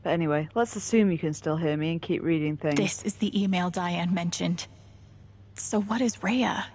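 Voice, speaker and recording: A woman's voice: lowish voice, normal speed, a little mellow. A woman streaming a game and making dry, sardonic comments. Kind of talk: casual live commentary while playing.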